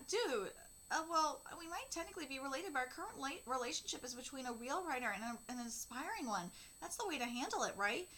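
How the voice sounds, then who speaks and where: A woman's voice: sits high, fairly quick, slight background noise. A woman in her thirties hosting a manga reaction, reading the dialogue aloud and reacting with candid emotion. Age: 30s. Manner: emotional and candid, reads dialogue flatly between outbursts.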